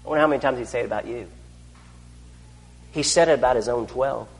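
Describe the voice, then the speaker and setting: A man preaching a sermon, asking his listeners rhetorical questions and swinging between loud declarations and hushed asides. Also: mid-range voice, quick pace, big-room sound. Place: church.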